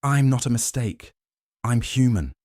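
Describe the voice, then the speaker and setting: A man's voice: sits low, normal speed, a little mellow, no room sound, clean studio sound, lightly acted. A man playing a defiant detective. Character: desperate young male detective.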